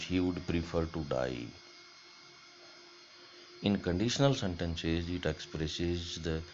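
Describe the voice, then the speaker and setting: A man giving a grammar lecture, speaking deliberately and repeating each example sentence. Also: sits low, a little mellow, slight background noise. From India. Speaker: college lecturer. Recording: dull lo-fi lecture recording.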